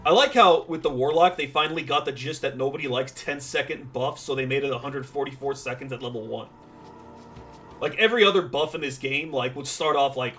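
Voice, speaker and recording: A man's voice: mid-range voice, a bit bright. A man streaming a game and chatting casually with viewers, rambling with plenty of fillers and dry sarcastic asides. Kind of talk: casual gameplay chat with viewers.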